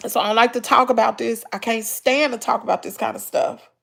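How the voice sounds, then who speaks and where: A middle-aged woman with a Southern US accent speaks in a high, gravelly voice. She talks through tears in a personal vlog, with sighs between her words. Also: fairly even intonation, fairly quick, a bit bright. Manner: tearful, sighing, breaking into crying. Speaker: vlogger. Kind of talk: emotional personal vlog talk.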